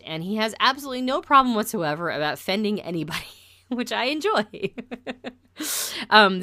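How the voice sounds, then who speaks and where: A woman teaching about personality types in a casual, conversational lesson, turning flatter and more deliberate when she makes a point. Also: deep voice.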